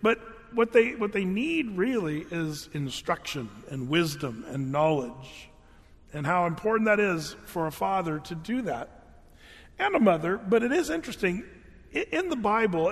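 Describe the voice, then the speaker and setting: An earnest preacher with a fairly high voice delivers a conversational sermon, often stumbling and restarting his words. His voice carries a long reverb from a large hall. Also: very animated, unhurried, husky.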